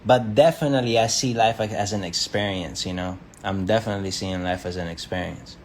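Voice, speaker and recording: A man's voice: on the low side, fairly even intonation, a little fast, a little hiss or hum. A man chatting casually on a livestream, rambling in loose slangy talk full of fillers.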